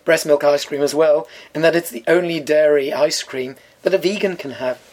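A man with a slightly high-pitched voice, chatting on a podcast. His manner is dry and opinionated, and he lays out his points deliberately. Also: fairly even intonation, a little mellow. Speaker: podcast co-host. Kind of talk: casual chat. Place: studio.

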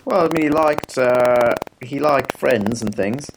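A man co-hosting a podcast, chatting casually with dry, deadpan humor. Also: mid-range voice, a little slow, gravelly, noisy background. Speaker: podcast co-host. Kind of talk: casual chat.

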